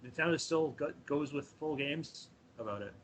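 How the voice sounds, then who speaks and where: A man's voice: a little high, moderate pace, a bit bright, slight background noise, rough recording. A man chatting casually as a podcast panelist over a video call, laid-back and full of fillers. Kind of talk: casual chat.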